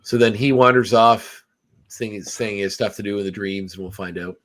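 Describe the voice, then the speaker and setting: A man's voice: on the low side, normal speed, fairly bright tone. A man hosting a podcast, casually recapping a film with many fillers and restarts. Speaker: podcast host. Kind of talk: casual movie review chat.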